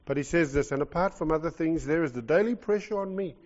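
Animated New Zealand preacher, lo-fi recording. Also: male voice, a little high, fast talker, in a large hall. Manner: animated, jokey, swings from loud to soft. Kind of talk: sermon. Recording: lo-fi muffled recording.

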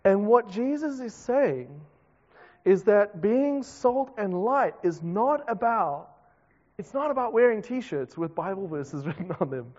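A South African man preaches in a relaxed, conversational way, breaking into self-deprecating asides. His voice sits high for a man. The recording is muffled, with a long echo from a big hall. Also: a little slow. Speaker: pastor. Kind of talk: sermon. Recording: dull reverberant hall recording.

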